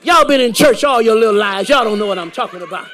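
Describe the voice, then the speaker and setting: High-voiced, animated man preaching a story. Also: quick pace, slight background noise. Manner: lively, laughing storyteller who acts out dialogue and builds to shouted praise. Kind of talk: storytelling sermon. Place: church.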